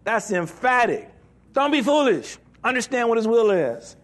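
Preaching with energy and jokes, this man reads scripture and plays out the voices of skeptics. His pitch is very high, and he speaks at a normal speed.

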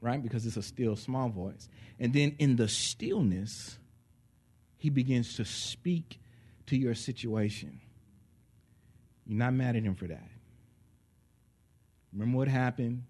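A man preaching a sermon in an animated way, acting out little voices and laughing along with his listeners. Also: mid-range voice, measured pace, pauses often, husky. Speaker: pastor.

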